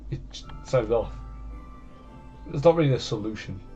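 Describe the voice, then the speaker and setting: A man's voice: mid-range voice, expressive, normal speed, warm tone, highs cut off, soft background music. A man from the United Kingdom giving rambling, casual commentary over a video game at his home computer. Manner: rambling, meandering chat. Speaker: gaming channel host.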